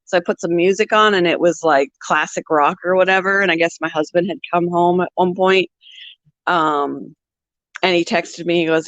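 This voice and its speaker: A woman's voice: lowish voice, normal speed, fairly bright tone, no room sound. A woman hosting a pet channel, chatting casually on a livestream, laughing often and answering viewer comments. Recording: dull lo-fi sound.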